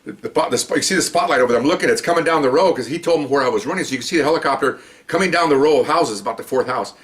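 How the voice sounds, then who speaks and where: A man who was once a police officer, telling a long story in a rambling, animated way and often checking in with "okay?". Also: medium pitch, racing. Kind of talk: casual spoken storytelling.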